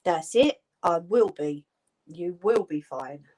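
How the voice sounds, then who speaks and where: A woman's voice: on the low side, animated, slow pace, darkish tone. A woman hosting a craft live stream, chatting casually and answering her viewers' comments.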